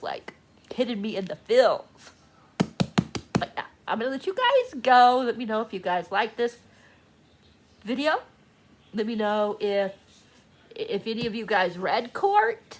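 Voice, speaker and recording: A woman chatting casually in a book vlog, gushing and excitable, laughing often, talking from a room at home. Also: mid-range voice, measured pace, long pauses. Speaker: book vlogger. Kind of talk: casual reading vlog chat. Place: home room with door open.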